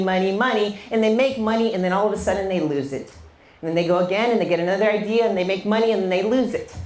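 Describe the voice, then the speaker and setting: A woman's voice: lowish voice, darkish tone. A woman business coach giving a blunt, fiery motivational talk to a live audience, swearing freely. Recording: echoey room sound.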